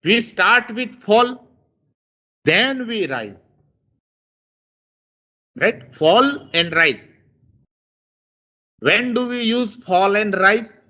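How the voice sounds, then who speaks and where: A man's voice: high-pitched, expressive, pushed and bright. A man teaching a lesson on intonation, stretching his rises and falls to demonstrate each tone. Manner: slow, exaggerated rises and falls to demonstrate tones. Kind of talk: lecture on intonation.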